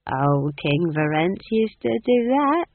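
A narrator voicing a chatty, earthy old female witch in an audiobook, talking in a folksy, drawn-out way, over a tinny, phone-like line. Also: medium pitch, big pitch swings, dry recording, voice pushed up, full character voice. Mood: relenting. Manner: folksy, gossipy, drawn-out speech.

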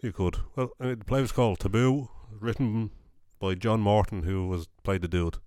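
A man's voice: lowish voice, moderate pace, darkish tone, no echo. Dry-witted man chiming in. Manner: brief dry interjections. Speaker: podcast co-host. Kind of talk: casual chat.

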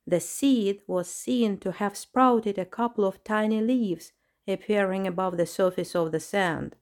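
A woman's voice: medium pitch, unhurried, a little mellow. Woman reading a storybook aloud. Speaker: narrator. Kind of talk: storybook narration.

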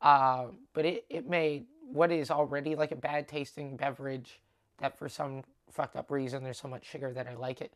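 Female comic, low voice, loose podcast monologue, swears, acts out lines. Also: moderate pace. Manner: animated, swears, acts out dialogue in quotes. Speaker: stand-up comedian. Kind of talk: casual solo podcast storytelling.

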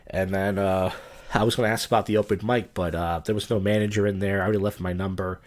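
A man's voice: sits low, steady tone, quick pace. A drunk middle-aged man and comedian hosting his podcast, telling crude wandering stories with slurred speech. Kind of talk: rambling casual podcast monologue.

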